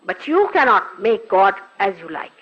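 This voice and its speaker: Older woman, spiritual teacher, animated pitch, scolding rhetorical questions, dull lo-fi archive recording. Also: moderate pace, breathy edge.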